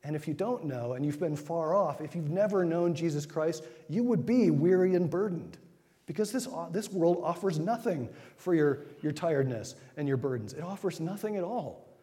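A man giving an informal sermon, retelling scripture in a conversational way with quick acted asides. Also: fairly high pitch, animated, warm tone. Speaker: preacher. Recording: long hall reverb.

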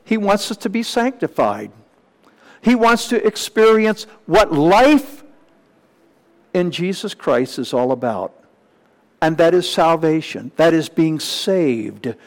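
A man's voice: a little high, expressive. A man preaching a sermon, teaching from slides with emphatic repetition and rhetorical questions. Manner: slow, emphatic, with repeated phrases and rising questions.

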